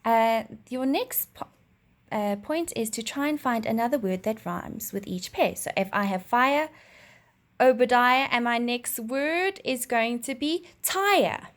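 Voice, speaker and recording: A woman teacher with a fairly high voice explains a children's reading lesson. She talks slowly and clearly, spelling out each step for young learners. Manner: slow, clear teacherly delivery with expressive read-aloud of a rhyme.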